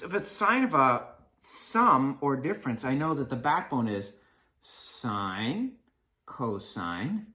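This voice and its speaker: A man teaches math playfully, acting out sine and cosine as friends in quick little skits. His voice is mid-range, pushed, and bright.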